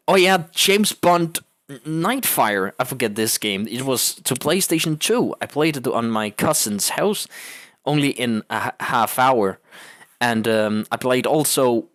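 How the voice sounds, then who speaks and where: A man's voice: medium pitch, expressive, measured pace, fairly bright tone, no room sound, clean studio sound. A young man with a Danish accent rambles through casual gaming commentary, laughing often and swearing freely. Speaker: gaming channel host.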